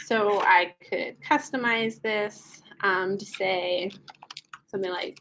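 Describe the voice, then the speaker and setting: Casual woman walking through software. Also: medium pitch, steady tone, slow pace, highs cut off, music in the background. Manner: casual, many ums and uhs while clicking through. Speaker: software trainer. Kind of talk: screen-share product walkthrough.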